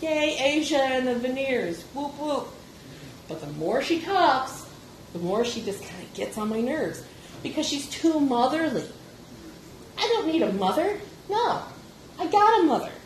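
A woman hosting a podcast, talking casually at home in a blunt, profane, chatty way. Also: a little high. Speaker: podcast host. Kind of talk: casual rambling monologue. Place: home kitchen. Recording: echoey room, far from the mic, noisy.

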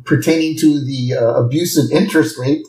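A man's voice: medium pitch, fairly even intonation, brisk, dark tone. Man recapping a cartoon episode. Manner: retells scenes, quoting characters in brief put-on voices. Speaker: podcast co-host. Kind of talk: casual episode recap chat. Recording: roomy, distant mic.

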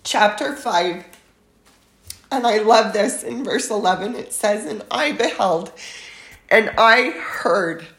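A woman giving a devotional scripture talk, reading verses aloud in a slow, reverent and tender way. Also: mid-range voice, animated, a bit bright, reverberant. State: moved to tears at times. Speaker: church speaker.

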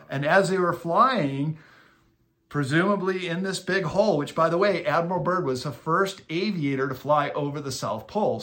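A man as a podcast guest, telling a long story with lively emphasis and short acted-out quotes. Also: fairly high pitch. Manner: animated storyteller, acts out quotes with bursts of emphasis. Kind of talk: storytelling interview talk.

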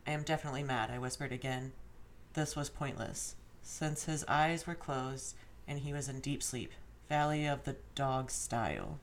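Woman, low voice, reading a story aloud, faint background hiss. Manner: reads aloud steadily, slipping into laughter and swearing at the text. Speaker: reader of a fan story. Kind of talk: dramatic reading with joking asides.

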